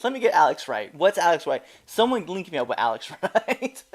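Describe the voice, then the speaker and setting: A man's voice: fairly high pitch, big pitch swings, a little fast. A man hosting a podcast in casual chat, rambling and laughing often as he reacts to wrestling. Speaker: podcast host.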